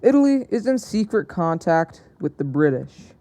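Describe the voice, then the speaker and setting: A man's voice: fairly high pitch, sing-song, moderate pace, warm tone. A young man narrating an alternate-history map video in a casual, hesitant way, often correcting himself as he goes. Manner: hesitant, self-correcting, chatty.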